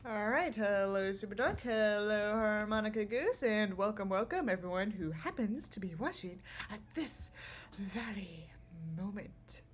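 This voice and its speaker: A woman's voice: medium pitch, lively intonation, measured pace, a little hiss or hum. A woman streamer chatting casually with her viewers from home, giggling often and rambling. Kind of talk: casual livestream chat. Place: small home room.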